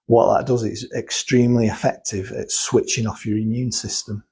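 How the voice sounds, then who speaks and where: A man's voice: lowish voice, flat delivery, normal speed, dark tone, slight background noise, rough recording. A man talking casually and explaining things step by step, thinking aloud and restarting sentences as he goes. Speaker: guest explaining cosmetic chemicals. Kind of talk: casual chat.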